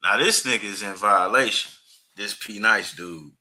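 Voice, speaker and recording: A man's voice: lowish voice, moderate pace, sharp tone. A man hosting a reaction video, commenting emphatically in profane street slang.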